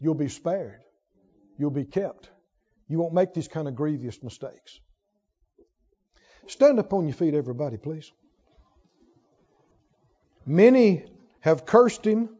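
A man preaching a sermon in a church, fervent and emphatic, swinging from loud to hushed. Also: a little high, lively intonation, a little slow, pauses often. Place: church sanctuary. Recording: lo-fi recording with long hall reverb.

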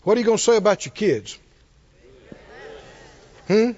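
A man's voice: high-pitched, expressive, normal speed, a little mellow. A man preaching a sermon to a congregation, emphatic and full of rhetorical questions. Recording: dull lo-fi sermon recording.

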